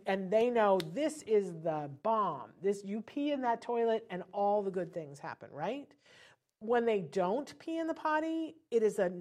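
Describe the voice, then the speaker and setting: A woman coaching parents in a chatty, animated teaching talk, now and then breaking into cheerful singsong cheers. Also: medium pitch. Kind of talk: instructional talk.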